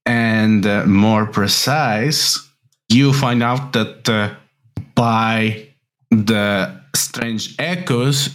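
A man acts as game master for a tabletop role-playing game, narrating slowly and hesitantly with frequent pauses. His voice is mid-range.

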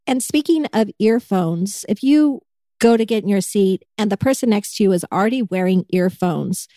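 Lady chatting and telling travel stories, warm mellow voice, dry close sound. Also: mid-range voice, normal speed, no room sound. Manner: animated storyteller, acts out quoted people. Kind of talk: casual chat.

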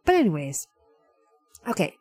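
A woman's voice: lowish voice, huge pitch swings, moderate pace, a little mellow, faint music behind. A woman hosting a casual talk segment, chatty and full of fillers as she walks through a science story. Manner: chatty, many fillers, self-described science dork. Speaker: host.

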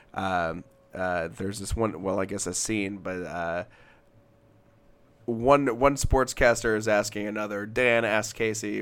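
Low-voiced rambling man. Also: fairly bright tone, clean tone. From Alabama. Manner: rambling, reads aloud, frequent restarts. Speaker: podcast co-host. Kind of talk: casual music chat.

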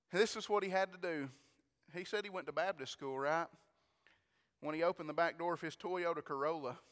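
A man preaching a storytelling sermon, animated, stumbling over repeated words and breaking into praise. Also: on the high side, clear, resonant tone, big-room sound.

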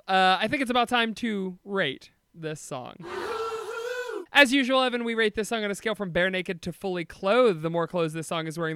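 Bright, high-voiced man in banter. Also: clean tone, no echo, clean studio sound. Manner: playful, quick with improvised bits. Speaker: podcast host. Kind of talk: casual comedic banter.

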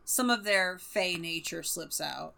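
A woman's voice: on the low side, vocal fry, pushed and bright. A woman from the US West Coast co-hosting a casual book podcast, enthusiastic and laughing often. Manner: enthusiastic, laughs often, quick agreeing interjections. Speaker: podcast co-host. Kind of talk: casual book-club chat.

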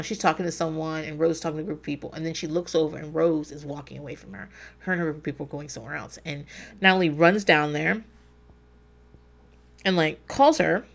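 Deep, creaky, and bright, her voice comes across with forceful energy. She's a forties-aged host chatting casually on a reality-show recap podcast, cursing freely, drifting between topics, and chuckling at her own remarks.

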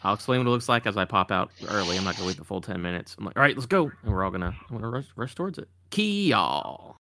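Fast, eager tabletop player. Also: low voice, background noise. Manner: eager, impulsive. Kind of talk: tabletop game play.

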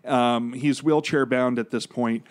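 A man's voice: mid-range voice, fairly even intonation, measured pace. A man co-hosting a podcast, explaining comic book plots at length in a casual, joking way. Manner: explanatory, jokey, long rambling recaps. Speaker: podcast co-host.

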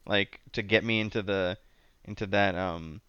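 A man's voice: fairly low pitch, steady tone, moderate pace, fairly bright tone, clean tone, dry recording, lo-fi sound. A man chatting casually as a guest about his tabletop character, rambling with many restarts and fillers. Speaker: podcast guest, tabletop player. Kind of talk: casual chat.

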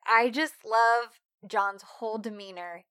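A woman's voice: on the high side, a little slow, sharp tone, clean tone, no echo, clean studio sound. A woman in casual chat, recapping a TV episode, laughing often and acting out lines from the show.

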